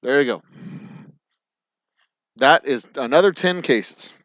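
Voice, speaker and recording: A man's voice: medium pitch, animated, slow, a bit bright, no echo. Joking Texan man rambling at work. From Texas. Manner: rambling, joking, profane, counts aloud under his breath. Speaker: distiller and livestream host. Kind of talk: casual rambling chat while working. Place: distillery bottling floor, indoors.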